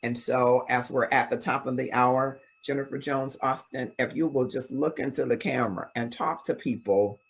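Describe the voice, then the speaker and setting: A man hosting an interview, calm and affirming as he asks questions. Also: mid-range voice, moderate pace, gravelly, few pauses, breathy edge. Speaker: interview host. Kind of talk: interviewing a guest.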